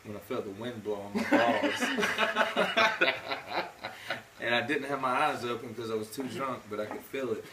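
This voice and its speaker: Brief: musician, lively, laughing storyteller; far from mic, noisy echoey room. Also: male voice, medium pitch, unhurried, pauses often. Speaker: band member. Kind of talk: casual chat.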